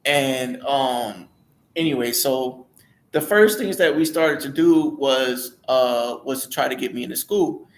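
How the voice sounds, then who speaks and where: A man's voice: mid-range voice, measured pace, reverberant. A young man candidly telling a rambling personal story, restarting and acting out quoted voices.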